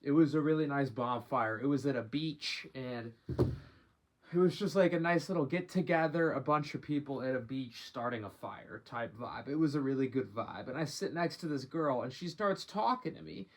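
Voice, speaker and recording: A man's voice: medium pitch, moderate pace. Slangy young man telling a story. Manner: slangy, rambling, cusses freely. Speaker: vlogger. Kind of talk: casual storytime monologue.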